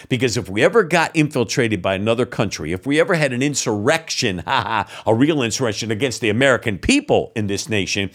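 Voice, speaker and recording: A man hosting an opinion commentary show, sarcastic and exasperated, mocking what he reads out with scoffing laughs. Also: mid-range voice. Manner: indignant, exasperated. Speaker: political commentary host.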